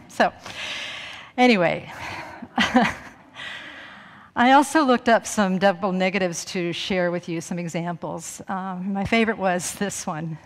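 A woman's voice: fairly low pitch, measured pace, long pauses, long reverb tail. A middle-aged woman minister giving a chatty, self-mocking sermon, laughing often. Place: church sanctuary.

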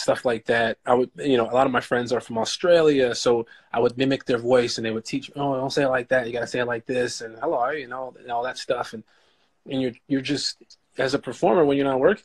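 A man being interviewed as an actor guest, telling stories in a relaxed way with lots of "you know". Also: medium pitch, slightly rough. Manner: relaxed storytelling, says "you know" a lot. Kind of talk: casual interview chat.

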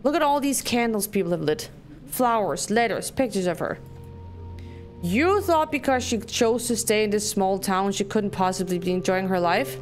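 A woman's voice: medium pitch, natural voice. A woman reading aloud a grieving, bitter woman who defends her dead sister in a narrative game. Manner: bitter and accusing.

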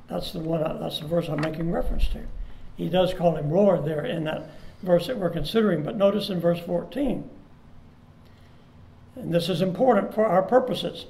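A man preaching a sermon as pastor, earnest, slowing down to stress key words. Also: high voice, creaky, mellow, slight background noise. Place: church sanctuary. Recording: echoey church room.

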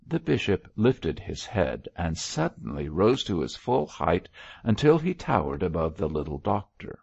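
Male narrator for a classic novel; low gravelly voice, lively intonation. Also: unhurried, no room sound, muffled recording. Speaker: audiobook narrator. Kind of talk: scripted narration of a Victorian novel.

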